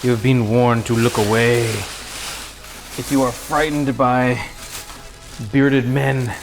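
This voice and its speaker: A man's voice: medium pitch, little pitch movement, takes it slowly. A man hosting a casual cooking livestream from his home kitchen, joking with chat and his pets as he cooks. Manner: goofy, jokey, talks to chat and pets while cooking.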